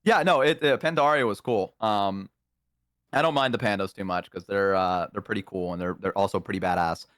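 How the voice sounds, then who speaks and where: A man's voice: on the low side, brisk, fairly bright tone, no room sound. A man chatting casually on a live stream, rambling with many ums and uhs into a close microphone. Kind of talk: casual chat.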